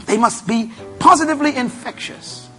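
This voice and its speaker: A man's voice: very high-pitched, normal speed, bright, forceful tone, faint music behind. A man preaching a motivational sermon, emphatic and repetitive, who tells his audience what to write down. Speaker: preacher and leadership speaker.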